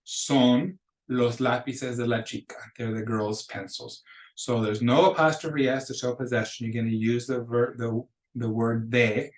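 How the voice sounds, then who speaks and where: A man's voice: mid-range voice, roomy sound. A man teaching a recorded lesson for students, patiently explaining with examples and repeating phrases. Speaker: Spanish teacher.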